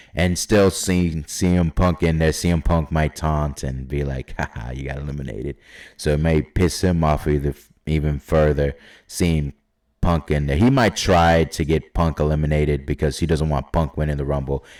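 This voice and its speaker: Low-voiced man rambling through predictions. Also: a little mellow. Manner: rambling, hesitant with many fillers. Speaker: YouTube wrestling predictor. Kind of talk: casual solo prediction talk.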